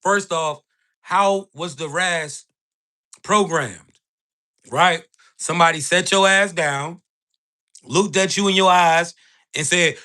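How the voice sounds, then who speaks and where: Slow and pausing often, the host speaks in a high, bright, forceful voice on his motivational livestream. He keeps it blunt with street slang and plenty of cursing, repeatedly asking "right?"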